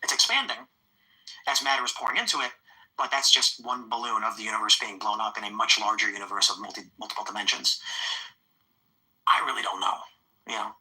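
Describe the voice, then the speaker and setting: A man's voice: fairly low pitch, fairly even intonation, brisk, pauses often, bright, forceful tone, low-quality recording. A man talking as a podcast guest, explaining ideas with repeated words. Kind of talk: casual chat.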